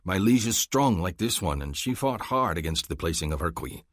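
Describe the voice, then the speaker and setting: A man's voice: deep voice, lively intonation, moderate pace, dry recording, clean studio sound. A man voicing a blunt, curt alien warrior in an audiobook. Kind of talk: audiobook character voice.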